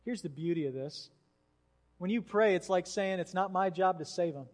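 A pastor preaching a sermon, telling a story with lively acted-out voices. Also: male voice, high-pitched, normal speed, faint music behind. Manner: animated storyteller, acts out voices. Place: church hall. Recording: hall reverb.

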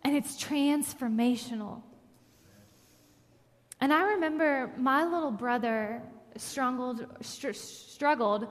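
A woman's voice: sits high, slow. A woman preaching a sermon, telling a personal story in an earnest way that builds to emphatic scripture reading. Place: church sanctuary. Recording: long hall reverb.

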